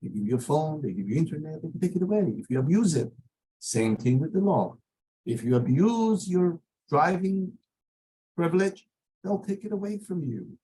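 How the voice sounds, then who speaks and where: A man's voice: on the high side, animated, normal speed, mellow, breathy edge, poor audio. A middle-aged man who is a lawyer gives an earnest warning talk to teenagers in non-native English phrasing.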